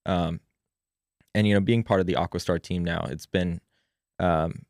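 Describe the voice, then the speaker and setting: A man with a very deep voice chats as a podcast guest, circling his points with constant fillers. The sound is dry and close to the mic. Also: fairly even intonation, normal speed, darkish tone, no room sound. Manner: rambling, lots of "you know" fillers. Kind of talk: casual podcast chat.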